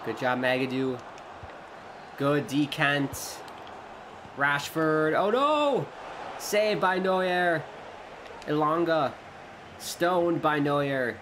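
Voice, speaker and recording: A man giving casual play-by-play commentary while playing a football video game, excitable and prone to shouting when chances come. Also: on the high side, very slow, long pauses, noisy background. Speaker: gaming YouTuber.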